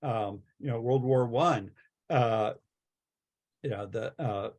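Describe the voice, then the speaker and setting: A middle-aged man, a chaplain and teacher, giving a passionate lecture in a halting way, with many fillers and restarts. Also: mid-range voice, a little mellow.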